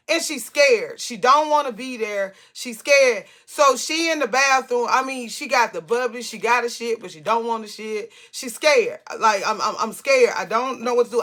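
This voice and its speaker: Woman storyteller, casual vlog, rambling with restarts and swearing, bright forceful tone. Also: a little high. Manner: rambling, profane, many restarts.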